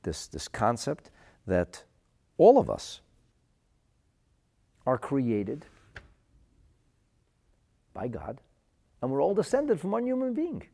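A man's voice: medium pitch, wildly swooping pitch, slow pace, creaky, long pauses, warm tone. A man giving a spoken religious lesson, telling stories earnestly and often repeating his words. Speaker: Torah teacher.

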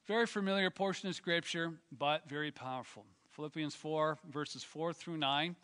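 A man's voice: on the high side, moderate pace, hardly any pauses, bright, forceful tone, in a large hall. A man preaching a sermon as pastor, slightly out of breath, emphatic and rising as he reads scripture aloud in a church. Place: church sanctuary.

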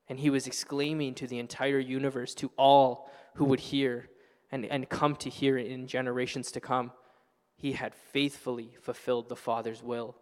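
A man's voice: mid-range voice, fairly even intonation, moderate pace. Passionate male pastor in a reverberant hall. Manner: passionate, builds to loud exclamations. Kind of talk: sermon. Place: church sanctuary.

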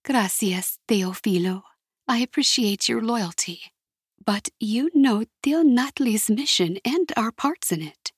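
A woman reading a firm, commanding woman leader who speaks with urgency, with a slightly husky voice. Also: a little high, lively intonation, slow, no echo, clean studio sound, heavily acted. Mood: urgent.

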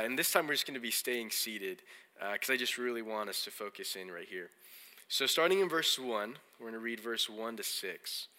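A man preaching to his congregation in a big, echoing church hall. His voice is very bright and forceful, and his tone swings between animated storytelling with acted-out lines and slow, deliberate scripture reading. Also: mid-range voice. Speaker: pastor. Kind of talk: sermon. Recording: long hall reverb.

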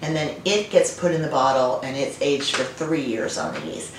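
Middle-aged woman guest, low voice, recorded far from the mic in an echoey room. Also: moderate pace. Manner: warm storytelling with frequent fillers and restarts. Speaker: winemaker guest. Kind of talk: casual conversational interview. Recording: roomy and distant, faint noise.

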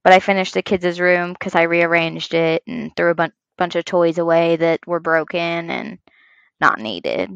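A woman in her thirties co-hosting a casual chat podcast, telling animated stories about her kids and swearing freely. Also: on the low side, moderate pace, vocal fry, clean tone, no echo, highs cut off. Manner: swears a lot, animated storytelling. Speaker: podcast co-host.

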